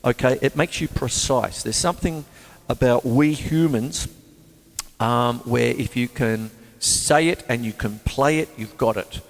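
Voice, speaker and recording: A man hosting a drum show, teaching in a casual, chatty way and counting beats out loud. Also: medium pitch, unhurried, vocal fry. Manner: animated, counts beats aloud in rhythm. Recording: long reverb with drum music behind.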